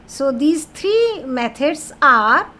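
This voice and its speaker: A woman's voice: high-pitched, very animated, drawn-out words, pushed and bright, a little hiss or hum. A woman teaching a French lesson in English, explaining patiently and repeating key words with French phrases mixed in.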